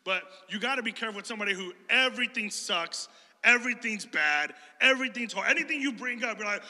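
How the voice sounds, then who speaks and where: A man from Chicago preaching a sermon in a church hall, animated and conversational, joking and telling stories to his congregation. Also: sits high, fast talker. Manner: animated, conversational, jokey storyteller.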